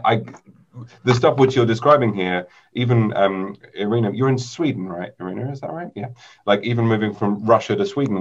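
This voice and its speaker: A man's voice: fairly low pitch, highs cut off. A man moderating an online panel discussion, thoughtful and rambling, with plenty of fillers.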